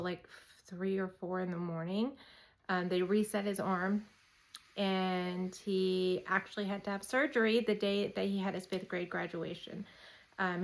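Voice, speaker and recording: A woman in her thirties casually telling a story about her son, chatty and animated, acting out the lines she quotes. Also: medium pitch, low-quality recording.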